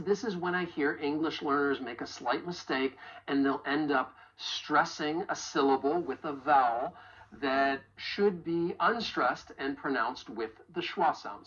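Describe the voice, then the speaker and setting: A woman teaching English pronunciation in a video lesson, carefully modeling example phrases slowly and clearly. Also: low-pitched, dull audio.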